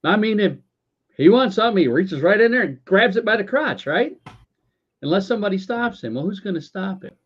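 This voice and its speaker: A man's voice: sits high, expressive, a little fast, slightly rough. A man co-hosting a casual talk show, ranting with lots of stammering restarts, swearing and sarcasm. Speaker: podcast co-host. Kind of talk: casual political rant. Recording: dull lo-fi audio.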